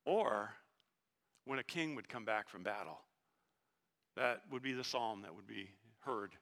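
A man preaching a sermon in a conversational, animated way with jokes and earnest asides. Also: on the low side, measured pace, vocal fry. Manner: conversational and animated, joking, then hushed and earnest. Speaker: pastor.

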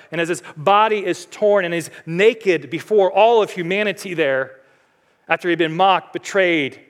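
A male pastor preaching a sermon, building to loud, high climaxes and then dropping to quiet, earnest passages.

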